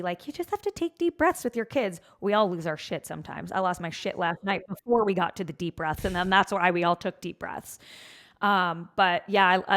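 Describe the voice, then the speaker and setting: A woman's voice: fairly low pitch, fairly bright tone. A woman co-hosting a podcast, chatting candidly and poking fun at herself. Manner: candid, self-deprecating storyteller, acts out quotes. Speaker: podcast co-host. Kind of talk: casual chat.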